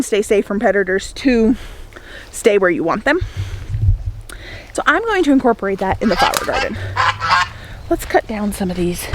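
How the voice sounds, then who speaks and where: Talking casually to the camera in her flower garden, a young homesteader and flower farmer keeps things upbeat with plenty of laughter. Her voice is medium-pitched, she's a little breathless, and there's background noise.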